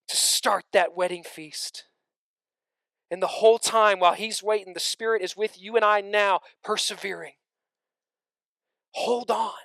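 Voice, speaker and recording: A man preaching a sermon, swinging between loud emphatic stretches and hushed near-whispers, with conversational asides to the congregation. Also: high-pitched, no echo.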